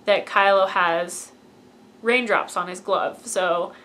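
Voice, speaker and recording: A woman's voice: medium pitch, takes it slowly, bright, forceful tone. A woman giving a casual, gushing fan review of a film and acting out lines from it. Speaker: movie reviewer.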